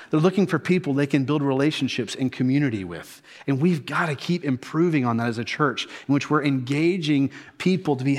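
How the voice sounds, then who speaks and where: A middle-aged man preaching a sermon as senior pastor, earnest and repeating key phrases for emphasis. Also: a little high. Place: church sanctuary.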